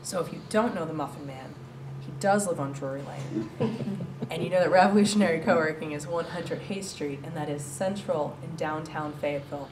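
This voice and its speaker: A woman's voice: deep voice, moderate pace. Chatty joking woman presenter, roomy. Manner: chatty, joking, animated, laughs often. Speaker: coworking space director pitching to an audience. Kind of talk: lively presentation. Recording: roomy and distant with faint noise.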